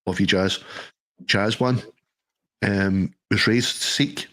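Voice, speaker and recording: A middle-aged man talks in a fairly low voice. He chats casually, swearing and telling jokey anecdotes. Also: fairly even intonation, slow pace, bright, forceful tone. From Scotland. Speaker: podcast co-host. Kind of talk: casual chat.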